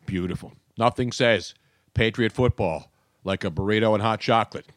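A man's voice: on the low side, moderate pace, dry recording. A man hosting a talk show, joking and rambling in casual banter. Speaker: radio show host.

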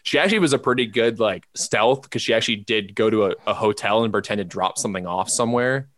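A man's voice: lowish voice, quick pace, fairly bright tone. A man telling a long personal story in casual podcast chat, rambling with lots of fillers and restarts. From Los Angeles area. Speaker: podcast co-host.

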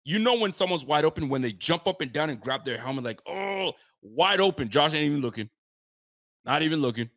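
A man reacting to a game as a fan commentator talks quickly in a slightly high, slightly bright voice. He sounds frustrated and blunt, saying the same things again and again in casual slang.

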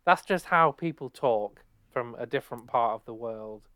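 A man's voice: mid-range voice, moderate pace, sharp tone, no room sound. Young man, twenties, from England, podcast co-host, rambling casual chat, dry close sound. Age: 20s. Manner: rambling, lots of fillers.

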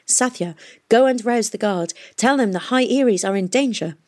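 A woman voicing a calm, commanding female aviator who speaks in a measured way. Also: fairly high pitch, pitched above the performer's own voice, lightly acted. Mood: cool command.

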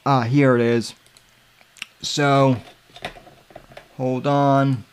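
A man hosting a podcast, giving casual commentary in a halting way with many filler sounds and restarts. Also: medium pitch, flat delivery, slight background noise. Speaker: podcast host.

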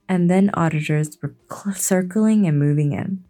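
A woman giving a relaxed late-night fantasy reading, hesitant and chatty, stumbling and breaking off for asides. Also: on the low side, moderate pace, hardly any pauses, soft background music. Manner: laid-back, hesitant, self-interrupting. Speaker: bedtime reader.

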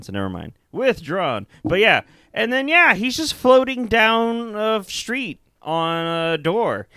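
Casting: male podcast co-host, slightly high, crisp, very animated delivery, swears a lot, dry close sound. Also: no room sound. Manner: animated, profane, mimics screams. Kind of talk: casual chat.

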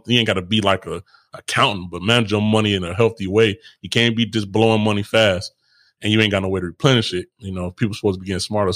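Low-voiced man in laid-back chat. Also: a bit bright. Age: adult with kids. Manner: laughing, rambling and frank with slang. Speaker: podcast co-host. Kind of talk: casual chat.

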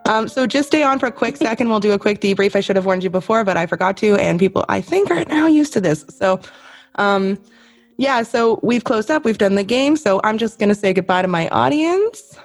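A woman's voice: mid-range voice, lively intonation, a little fast. A woman from Canada hosting a podcast in casual chat, talkative and playful, swearing now and then. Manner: chatty, swearing freely, playful quizzing. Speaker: podcast host.

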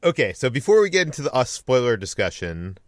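A man hosting a podcast in a casual way, quick and loose as he leads the discussion. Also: mid-range voice, big pitch swings, dry recording, clean studio sound. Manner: quick, loose, leading the talk. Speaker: podcast host, editor-in-chief.

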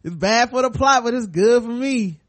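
A man's voice: very high-pitched, normal speed, crowd noise. A man co-hosting a podcast, casually retelling a TV episode and acting out the scenes in quoted voices. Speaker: podcast co-host. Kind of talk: casual chat recapping a TV episode.

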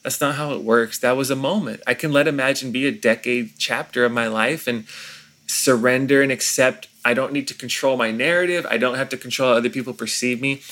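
Here a male pastor reflects with earnest care while being interviewed, often stopping and restarting mid-sentence. The pitch sits in the middle range, with a fairly bright tone.

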